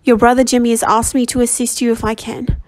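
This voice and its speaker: A crisp, kindly ship's doctor giving orders in a storybook reading, as a woman reads him. He sounds businesslike and in charge, and his voice stays fairly high. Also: level tone, fast, slight background noise, lightly acted, low-quality recording. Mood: brisk. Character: brisk kindly ship's doctor, middle-aged man.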